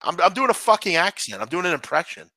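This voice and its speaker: A man's voice: high-pitched, sing-song, quick pace, pushed and bright, no echo, poor audio. A man co-hosting a live sports betting chat, swearing freely and teasing his co-host.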